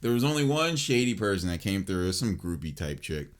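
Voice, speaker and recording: A man in his late twenties with a lowish voice tells a story on a podcast. He talks casually and animatedly, swears freely, restarts his sentences and leans on "like" and "I'm like" to act out the moment. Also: quick pace. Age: late 20s. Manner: animated and profane, filled with "like" and restarts. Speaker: podcast host.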